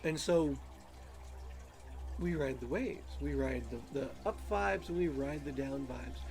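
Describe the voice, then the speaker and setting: A man hosts his channel with a rambling self-help monologue, musing and repeating words, a little nasal from allergies. His voice is medium-pitched, gravelly and slightly mellow, and he takes his time.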